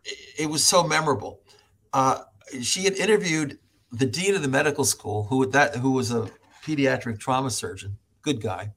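Husky middle-aged american guy, guest on a podcast, tells stories with lots of laughs and little voices. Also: mid-range voice, moderate pace. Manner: animated storyteller who laughs often and acts out voices. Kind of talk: storytelling in an interview.

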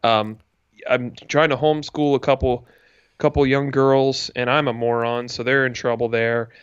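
Wry man, smooth dull-sounding voice. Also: medium pitch, steady tone, normal speed, no echo. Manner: wry, self-mocking. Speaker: podcast co-host. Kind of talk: casual podcast chat.

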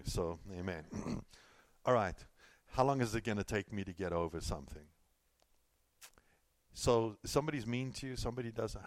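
A man's voice: lowish voice, darkish tone, no room sound. A middle-aged man preaching a sermon in a loose, conversational way, telling stories and repeating himself as he goes. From California. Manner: conversational, storytelling with self-repeats and asides. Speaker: pastor.

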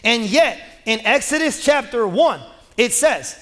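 Male pastor, high voice, loose and joking from the pulpit, church echo trailing behind. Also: lively intonation, a little slow, fairly bright tone. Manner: casual, joking, conversational preaching. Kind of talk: sermon. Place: church sanctuary. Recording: long reverb of a large hall.

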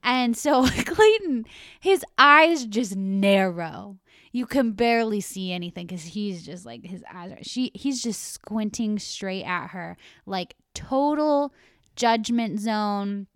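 A young woman co-hosting a podcast, retelling a reality show episode in casual, animated chat. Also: mid-range voice, a little slow, no room sound, studio quality. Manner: animated storytelling, laughs often. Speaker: podcast co-host.

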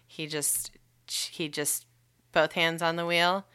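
A woman's voice: low voice, takes it slowly, smooth. A young woman in casual chat, telling a story with lots of swearing and fillers. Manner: swears freely, animated storytelling with many fillers. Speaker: podcast guest telling a birth story.

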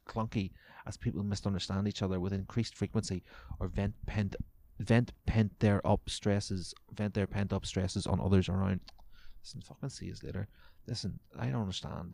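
A man's voice: on the low side, vocal fry, dark tone. A man hosting a podcast, reading a newspaper column aloud and breaking off into sweary, mocking rants. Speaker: podcast host. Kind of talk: reading aloud and ranting commentary.

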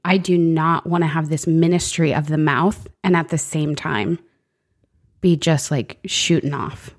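Low-pitched woman, earnest faith-talk co-host, reflective. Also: a little slow. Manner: earnest, reflective, quotes scripture. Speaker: podcast co-host. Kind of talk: faith-based conversation.

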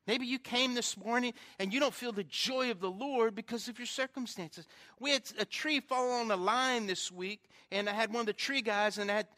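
Male pastor with a high, bright voice, delivering a sermon through casual stories and wry jokes at his own expense. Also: moderate pace. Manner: conversational storytelling with self-deprecating humor.

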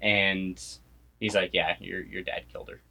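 A man's voice: deep voice, level tone, gravelly, sharp tone, slight background noise. A young man casually retelling a made-up movie plot, rambling and laughing often. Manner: rambling, laughs often, quick quoted asides.

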